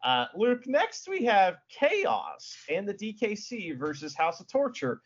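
A man co-hosting a casual podcast, joking and laughing as he recaps matches and mimics shouts. His voice sits a little high and swings widely in pitch. The audio is dull and lo-fi. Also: measured pace, a crowd in the background. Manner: animated, laughs often, swears, mimics shouts. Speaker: podcast co-host. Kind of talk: casual wrestling recap chat.

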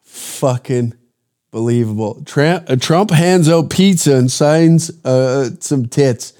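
A man's voice: mid-range voice, slow, dark tone. A man hosting a podcast, giving crude, profane reaction commentary and mocking what he watches, often laughing. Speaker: podcast host.

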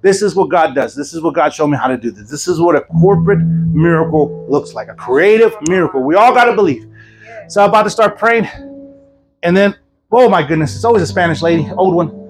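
High-voiced evangelist telling miracle stories. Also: male voice, animated, music in the background, poor audio. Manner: storytelling with laughs and quick acted asides. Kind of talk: preaching a testimony sermon.

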